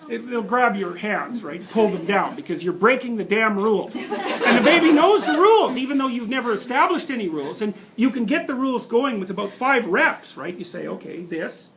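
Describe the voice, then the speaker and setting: A man in his fifties giving a university lecture to students, animated, laughing often and restarting sentences as he digresses. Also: high voice, moderate pace, a crowd in the background. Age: 50s.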